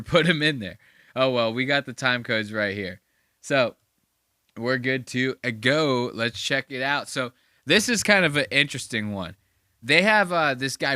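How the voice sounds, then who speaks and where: A man hosting a podcast in casual commentary, excitable, slangy and profane. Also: mid-range voice, dry recording, studio quality. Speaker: podcast host.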